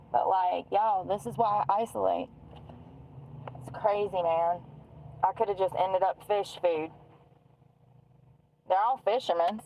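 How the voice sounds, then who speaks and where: A woman's voice: mid-range voice, mellow, poor audio. Chatty woman spinning a story. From North Carolina. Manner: chatty, laughing, profane, quotes others in dialogue. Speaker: streamer telling stories. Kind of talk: rambling storytelling.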